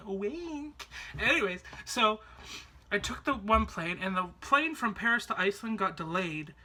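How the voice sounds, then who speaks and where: A man's voice: sits high, lively intonation, moderate pace, sharp tone. A man from Canada, chatting to camera about a trip in a rambling way, full of fillers and restarts. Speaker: vlogger. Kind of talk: casual storytelling to camera.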